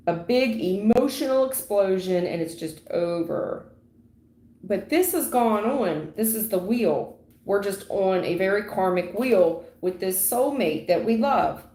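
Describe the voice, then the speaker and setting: A woman giving a livestream tarot reading in a dramatic, repetitive way, acting out sudden endings with loud exclamations. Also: medium pitch. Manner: dramatic, repetitive, full of sound effects. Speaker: tarot reader. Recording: echoey room.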